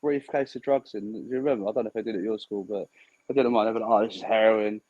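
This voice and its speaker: Fast-talking man, blunt. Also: fairly low pitch, dark tone, highs cut off. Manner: blunt, swears freely, tells stories with quoted voices. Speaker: podcast co-host. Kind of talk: casual chat.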